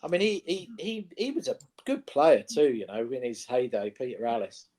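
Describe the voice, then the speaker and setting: A man co-hosting a sports chat show, telling anecdotes in a lively, casual way. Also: mid-range voice, normal speed. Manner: animated anecdote-telling, mimics voices in quotes. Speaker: co-host. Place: studio.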